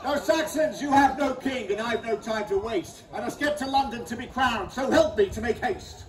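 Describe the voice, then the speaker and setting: A man playing a bossy, hurried conquering king in a comic amateur folk play, heard from afar with a crowd. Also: very high-pitched. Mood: brisk. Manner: brisk, comic. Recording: echoey distant outdoor stage with crowd.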